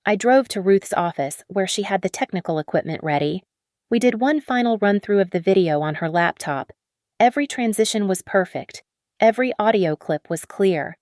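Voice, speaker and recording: A woman narrating a first-person story in a steady, measured way. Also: on the low side, no echo, clean studio sound.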